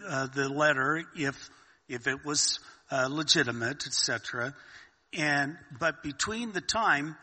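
Slow, bright-voiced man telling a story. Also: a little high, in a large hall. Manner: unhurried, with many fillers and restarts. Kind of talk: casual storytelling chat.

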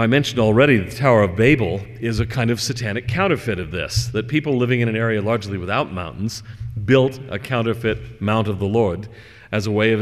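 A man lectures on religious history, his voice sitting on the low side, measured and conversational with small asides and fillers. The sound carries a long reverb, as if recorded in a lecture hall. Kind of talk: religious lecture with scripture reading.

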